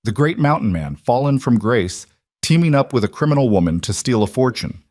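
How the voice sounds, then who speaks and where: A man's voice: medium pitch, very animated, brisk, darkish tone, no room sound, studio quality, voice pushed up. A man voicing a cold, calculating male villain who runs a mine, speaking with menacing politeness.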